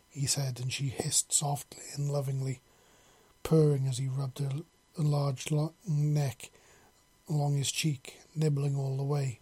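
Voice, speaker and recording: A man narrating a story in a steady, unhurried reading. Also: mid-range voice, slightly rough.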